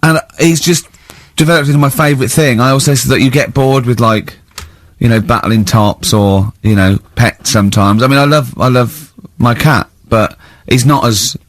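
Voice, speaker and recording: A man with an English accent hosting a comedy radio show, telling stories excitably and laughing often. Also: medium pitch, moderate pace, hardly any pauses, no room sound.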